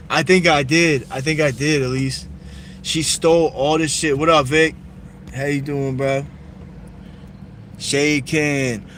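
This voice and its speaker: A man's voice: mid-range voice, a little hiss or hum. A young man chatting casually on a live stream while driving at night, telling a story loosely and swearing freely. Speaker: livestreamer. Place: inside a car at night.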